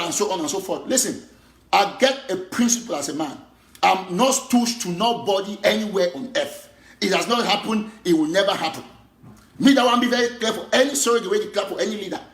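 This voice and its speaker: A man's voice: high-pitched, fairly bright tone, reverberant. A man with a Cameroonian Pidgin English accent, an activist giving an impassioned, repetitive political monologue.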